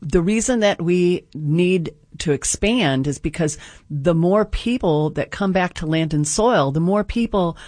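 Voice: medium pitch, unhurried, a little mellow, dry recording. A radio guest and group organizer explaining ideas earnestly, often checking in with the listener. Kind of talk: explanatory radio interview talk.

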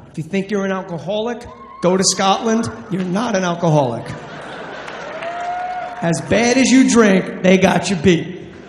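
A brash, foul-mouthed male stand-up comic with a fairly high voice for a man. His tough-guy patter rings around a roomy hall with a long echo. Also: a little hiss or hum. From New Jersey. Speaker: stand-up comedian. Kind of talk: stand-up storytelling. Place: large hall on stage. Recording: echoey hall reverb.

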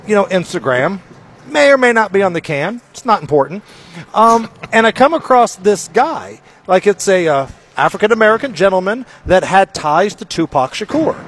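A man hosting a morning radio show, telling stories in a chatty, animated way. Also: high voice. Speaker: radio host. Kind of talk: casual morning radio banter.

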